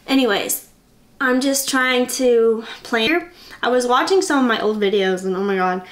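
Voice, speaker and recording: A young woman vlogging from her bedroom in a chatty, excitable, rambling way. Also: fairly high pitch. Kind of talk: casual vlog chat.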